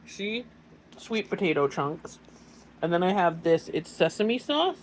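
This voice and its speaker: A vlogger chatting casually on camera at home in a kitchen, excitable and full of fillers, sometimes eating while talking. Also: mid-range voice, measured pace, slight background noise. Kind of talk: casual chat and on-camera food tasting.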